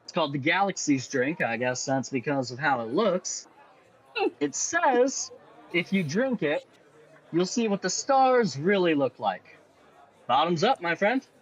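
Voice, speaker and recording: A man's voice: fairly high pitch, big pitch swings, unhurried, poor audio. A man voicing a friendly, chatty male tavern bartender in a tabletop game, eager and rambling. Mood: hospitable.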